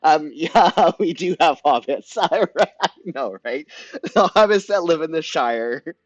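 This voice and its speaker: A man's voice: a little high, lively intonation, takes it slowly, no echo, dull audio. A man with a Canadian accent hosting a casual live planning chat, talking to viewers by name and laughing often. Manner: chatty, giggly, addresses viewers by name. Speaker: livestream host.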